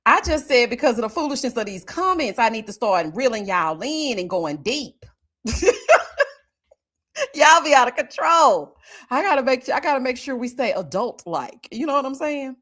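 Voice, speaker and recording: A woman's voice: on the high side, normal speed. A woman in her forties hosting a live stream, chatting casually and sassily as she reads viewer comments. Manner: sassy, animated, drawling Southern Black vernacular with "child" and "baby". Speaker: livestream host reacting to a reality show.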